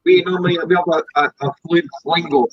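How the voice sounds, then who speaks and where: Husky Scottish man chatting. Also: on the high side, steady tone, dull audio. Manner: chatty, joking, quick explanations. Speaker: paranormal team member. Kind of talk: casual online interview chat.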